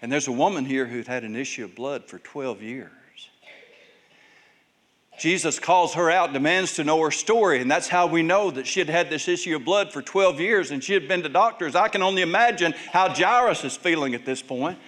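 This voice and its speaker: A male pastor preaching a sermon, telling Bible stories and acting out the people in them with big swings in pitch and volume. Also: moderate pace, fairly bright tone.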